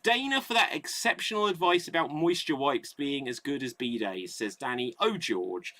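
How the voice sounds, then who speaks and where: Lively, bright male improv host. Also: medium pitch, normal speed. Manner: lively, reading out audience votes. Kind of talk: hosting a live online improv show.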